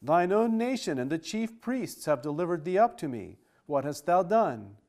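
A man reading the part of a stern Roman governor questioning a prisoner, in formal archaic wording with questions pitched higher. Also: sing-song, moderate pace, darkish tone.

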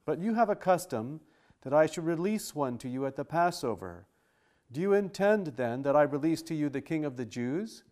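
A man reading the part of a stern Roman governor questioning a prisoner, in formal archaic wording with questions pitched higher. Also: lively intonation, moderate pace, a little mellow, natural voice.

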